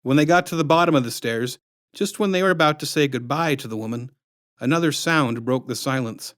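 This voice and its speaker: A man reading his own storybook aloud with expressive, dramatic narration. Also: medium pitch, brisk, no echo, clean studio sound.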